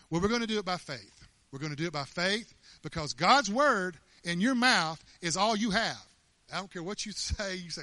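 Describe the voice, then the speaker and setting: A man preaching a sermon in an animated, emphatic way, often laughing as he talks. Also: high-pitched, moderate pace, no echo.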